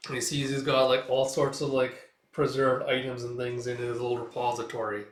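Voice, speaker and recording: A man's voice: mid-range voice, level tone, fairly quick. A man casually recapping a comic in a rambling way, full of fillers. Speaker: comic reader and reviewer. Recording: roomy echo, distant mic.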